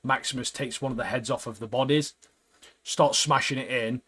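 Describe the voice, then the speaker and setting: A man chatting on a podcast, lively and easygoing as he retells an episode. His voice sits in a middle register and he often drops a friendly "mate". He laughs readily while keeping things casual. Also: mid-range voice, normal speed, breathy edge. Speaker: podcast co-host. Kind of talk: casual chat recapping a TV episode.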